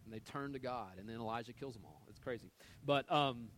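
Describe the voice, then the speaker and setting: A man preaching a sermon, retelling a Bible story with lively quoted dialogue and loose, conversational fillers. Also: medium pitch, brisk, a little hiss or hum. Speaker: pastor.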